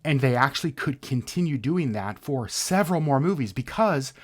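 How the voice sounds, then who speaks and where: A man co-hosting a casual podcast, talking in an earnest, enthusiastic way. He often breaks off and restarts his sentences as he works out a thought. His voice sits at an ordinary pitch for a man. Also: animated, normal speed. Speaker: podcast co-host. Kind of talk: casual conversational podcast chat.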